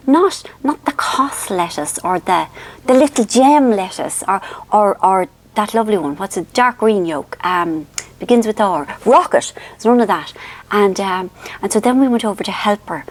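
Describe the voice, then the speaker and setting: A woman in her fifties with an Irish accent, telling a rambling, self-mocking family story for her vlog, full of ums. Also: mid-range voice. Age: 50s. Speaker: author and vlogger.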